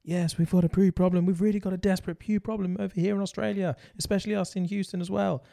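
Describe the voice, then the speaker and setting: A man's voice: sits high, flat delivery, fast, creaky, mellow, voice pushed up. A man putting on a mock Scottish accent to play a hammy ad announcer in a comic sponsor read. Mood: playful.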